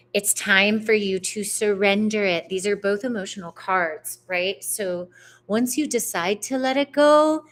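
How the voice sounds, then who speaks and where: Brief: woman, tarot reader live-streaming from home, unhurried and loose, spiritual slang. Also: fairly high pitch. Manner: animated, chatty spiritual talk with slang and swearing. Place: home on a mountainside.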